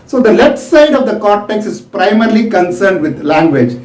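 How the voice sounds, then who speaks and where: A man giving a slow, explanatory medical lecture. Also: sits high, sing-song, darkish tone. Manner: slow, explanatory, acts out examples. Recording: echoey room, voice from a distance.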